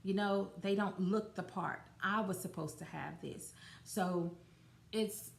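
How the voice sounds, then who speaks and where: A woman's voice: mid-range voice, a little slow, gravelly. A woman hosting a podcast on her own, talking in a loose, conversational way with lots of fillers and restarts. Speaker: podcast host. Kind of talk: casual solo podcast talk. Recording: roomy echo.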